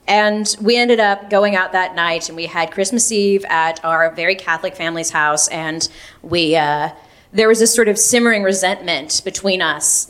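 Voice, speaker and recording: A woman's voice: fairly low pitch, a bit bright. Young woman telling a wry personal story. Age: young adult. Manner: wry, self-mocking, laughs through lines.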